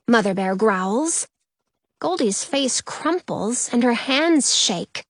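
A woman reading a children's story aloud in an expressive, deliberate way. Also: a little high, dry recording, studio quality.

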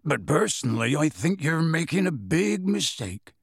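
A man voicing a big, gruff gamekeeper who answers testily and bluntly. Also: fairly high pitch, big pitch swings, normal speed, no echo, clean studio sound, pitched above the performer's own voice, exaggerated voice. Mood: testy. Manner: testy, scathing, blunt.

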